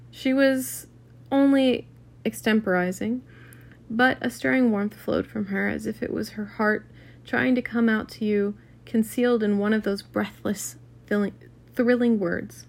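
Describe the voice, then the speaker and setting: A woman's voice: fairly high pitch, steady tone, a little slow, vocal fry. A woman reading a classic novel aloud in a casual, unpolished way, with occasional restarts and asides. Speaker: reader.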